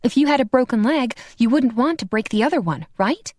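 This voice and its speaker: A woman's voice: a little high, animated, fairly quick, a little mellow, dry recording, voice pushed up. A woman voicing a wry, guarded vampire woman. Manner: wry, defensive. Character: guarded, hot-tempered female vampire. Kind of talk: audiobook character voice.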